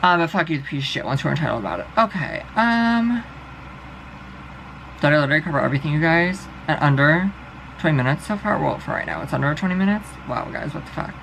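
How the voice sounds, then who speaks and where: A young man rants straight to his viewers in a casual vlog, rambling and swearing with exasperation. His voice is gravelly and sharp-edged, and he talks at a rapid clip. A faint hum of noise sits behind him. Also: on the high side, big pitch swings, rough recording. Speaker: vlogger. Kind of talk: casual ranting monologue.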